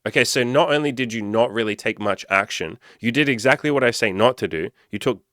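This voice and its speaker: A man's voice: medium pitch, fairly quick, a bit bright, dry recording, studio quality. A man talking casually as a dating and self-improvement coach, blunt and swearing freely as he gives motivational advice. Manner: blunt, swears freely, acts out quoted people.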